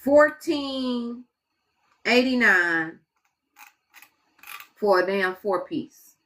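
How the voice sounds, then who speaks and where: A woman's voice: fairly high pitch, expressive, very slow, fairly bright tone. A woman chatting casually on a live stream, muttering exasperated asides to her viewers as she goes.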